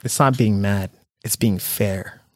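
Laid-back young trainer, rambling chat. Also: male voice, fairly low pitch, a little slow, darkish tone, no room sound, clean studio sound. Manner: loose and rambling, fillers and swearing. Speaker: personal trainer. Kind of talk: casual chat.

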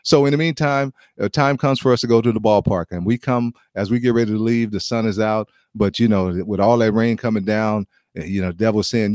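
A middle-aged American man, a former baseball player, telling a lively testimony story with restarts and chuckles. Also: lowish voice, a little fast, few pauses, no room sound, studio quality. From United States.

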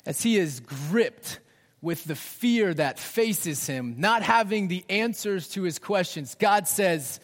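Man, 30s, pastor preaching, high voice, dramatic shifts to hushed near-whispers, long hall echo. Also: animated, slow. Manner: dynamic, drops to hushed near-whispers for emphasis. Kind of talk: sermon.

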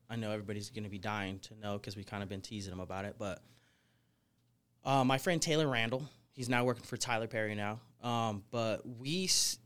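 Young man, podcast guest, energetic, rambling, lots of fillers, casual storytelling. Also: fairly low pitch. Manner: energetic, rambling, frequent fillers like "you know". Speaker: guest, snake wrangler.

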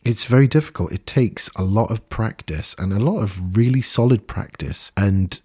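A man's voice: fairly low pitch, normal speed, dark tone, slightly rough. A man hosting a podcast, talking in a candid, earnest and reflective way, swearing now and then. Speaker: podcast host. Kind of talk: reflective casual podcast talk.

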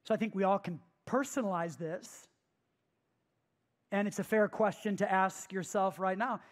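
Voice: medium pitch, moderate pace. A pastor teaching a sermon who leans hard on key phrases, repeats them and puts questions to the listeners.

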